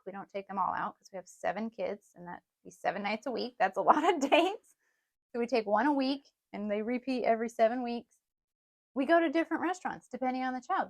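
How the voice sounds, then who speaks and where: Earnest middle-aged woman, slightly high voice. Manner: earnest, explanatory, laughs lightly. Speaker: podcast co-host. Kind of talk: casual parenting podcast chat.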